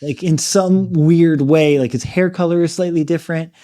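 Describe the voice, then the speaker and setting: A man's voice: a little high, fairly even intonation, moderate pace, mellow. A man co-hosting a book podcast, retelling a story in a loose, chatty way full of "like" and "you know". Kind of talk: casual book discussion.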